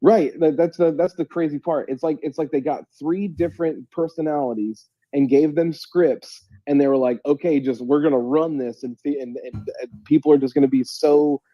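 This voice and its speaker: A man in casual podcast chat, animated and rambling, with frequent restarts and laughter. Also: a little high, moderate pace, few pauses, dry recording, lo-fi sound. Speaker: co-host.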